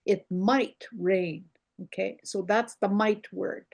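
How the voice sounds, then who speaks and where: An older woman teaching a language lesson over a video call, slow and patient, repeating words for her learners. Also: mid-range voice, fairly even intonation, vocal fry, a little mellow.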